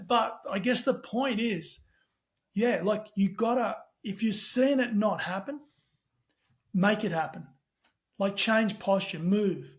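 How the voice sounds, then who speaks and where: A middle-aged Australian man, a podcast guest, telling animated stories in casual chat with the odd swear word. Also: sits high. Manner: animated storyteller, talks fast with casual swearing. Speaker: podcast guest, tech company CEO.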